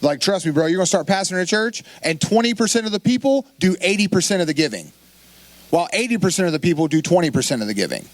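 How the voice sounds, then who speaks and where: High-voiced animated pastor preaching. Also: male voice, fast, no room sound. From Florida. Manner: animated, conversational preaching with quoted asides. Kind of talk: sermon.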